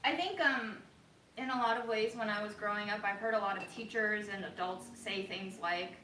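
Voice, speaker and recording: A woman vlogging casually from her home kitchen, talking in a soft, reflective way with many pauses and ums. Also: medium pitch, slight background noise. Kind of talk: casual livestream chat. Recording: roomy echo.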